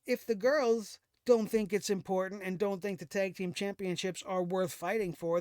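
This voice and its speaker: A man with a fairly high, smooth, resonant voice rants through a casual show recap, sarcastic and exasperated, chuckling now and then. The sound is dry and close, with no room around it. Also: no echo. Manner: sarcastic, exasperated ranting with laughs. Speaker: wrestling show host.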